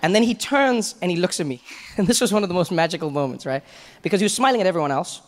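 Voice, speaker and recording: A man's voice: high voice, quick pace. South African man doing stand-up. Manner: animated, storytelling, conversational. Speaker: stand-up comedian. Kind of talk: stand-up comedy. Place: stage in a large hall. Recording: echoey hall, faint crowd noise.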